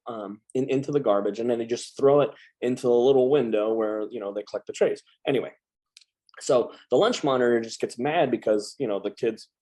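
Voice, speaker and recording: A man in his thirties, a veteran guest telling a family story in casual chat, animated and full of restarts. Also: medium pitch.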